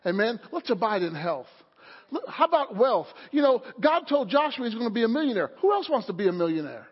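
A man with a very high, husky voice preaches with fervor, often calling out for an amen. His sermon rings with the long echo of a church hall. The audio sounds dull and lo-fi. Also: sing-song, fairly quick. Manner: fervent preaching, calls for amen. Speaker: pastor. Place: church sanctuary.

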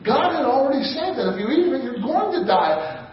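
A man with a high voice preaches in a conversational style, throwing out rhetorical questions. He sounds muffled and heavily echoey, picked up from a distance. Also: very animated, brisk. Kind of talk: sermon.

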